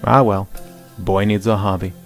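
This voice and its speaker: A calm, long-eared rabbit, as a man voices him in a fan cartoon. His voice is very deep, and his replies come short, dry and flat. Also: moderate pace, soft background music.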